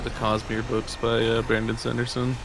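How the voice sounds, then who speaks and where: A laid-back man on voice chat with an average-pitched voice, rambling gently and filling his sentences with "like." Faint noise sits under his voice. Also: normal speed. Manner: relaxed, many "like"s and restarts. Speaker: co-host friend on a stream. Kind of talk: casual voice-chat.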